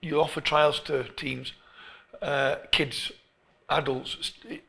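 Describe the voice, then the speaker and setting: A middle-aged English man, a football coach being interviewed, who tells stories in an animated way and often restarts his phrases. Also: a little high, slow, gravelly. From England. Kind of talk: storytelling interview.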